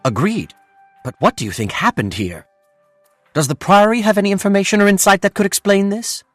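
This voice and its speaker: A man voicing an eager small male asura warrior in a video game, speaking in a lively way. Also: high voice, a little fast, dry recording, soft background music.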